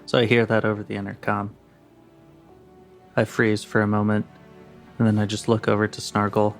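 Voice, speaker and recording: A man playing the captain in a tabletop game, speaking in a measured way. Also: on the low side, monotone, faint music behind. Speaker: player, ship captain. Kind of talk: tabletop role-play.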